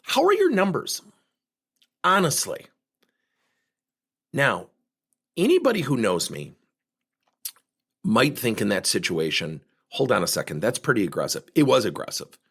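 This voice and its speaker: A man tells a sales story with a slightly husky voice. His pitch swings up and down a lot, and he acts out the people in his anecdotes. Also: moderate pace, pauses often. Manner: animated, acts out quoted voices. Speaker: sales coach, podcast host. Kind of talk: storytelling talk.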